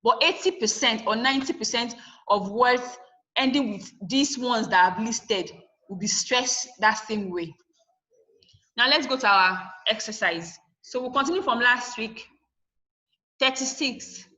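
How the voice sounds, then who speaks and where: A woman's voice: fairly high pitch, measured pace, sharp tone, poor audio. A woman teaching a lesson over a video call. She asks questions and then answers them herself, and she repeats the key points to stress them. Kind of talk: online class lesson.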